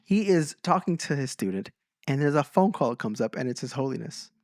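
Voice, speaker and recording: Man telling stories on a podcast, lively swinging pitch, dry close sound, leans into slow emphasis. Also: no room sound. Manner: animated storyteller, slows for emphasis. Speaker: podcast co-host. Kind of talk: casual storytelling chat.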